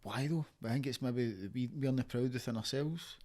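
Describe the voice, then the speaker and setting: A man's voice: medium pitch, moderate pace, darkish tone. A man in his thirties with a Glaswegian accent, talking bluntly and passionately as a podcast guest and swearing freely. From Scotland. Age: 30s. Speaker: guest, fighter. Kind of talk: casual podcast interview.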